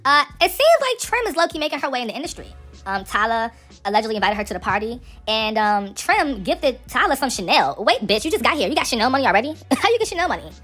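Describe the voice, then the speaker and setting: Woman spilling celeb tea, slangy and sassy, talks quick, bouncy lively voice. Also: a little high, faint music behind. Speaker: celebrity gossip host. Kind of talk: casual gossip commentary.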